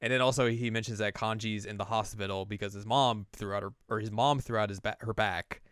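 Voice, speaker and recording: A man's voice: lowish voice, fairly even intonation, brisk, a bit bright, clean tone, dry recording, clean studio sound. A man co-hosting a podcast, casually recapping an anime episode and acting out the characters' lines with laughter. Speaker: podcast co-host.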